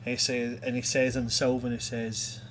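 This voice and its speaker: Chatty game master. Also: male voice, mid-range voice, completely flat delivery, normal speed, fairly bright tone, slight background noise. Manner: chatty, loose, many fillers. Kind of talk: narrating a tabletop game.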